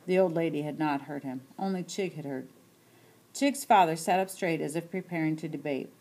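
A woman with a low voice narrates a short story in audiobook style. She keeps the narration quiet and steady between the characters' lines. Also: moderate pace.

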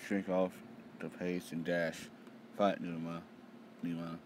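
A young man hosting a casual live manga reaction, reading panels aloud and swearing excitedly, sounding tired. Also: low voice, slow, background noise. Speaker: manga reaction channel host.

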